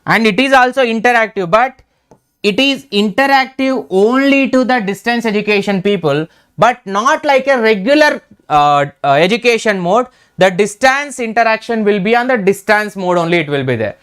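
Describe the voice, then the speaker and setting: A man's voice: sits high, lively intonation, normal speed, fairly bright tone, clear, resonant tone. A man teaching an exam revision lecture in Indian English, repeating key terms and checking in with "right?".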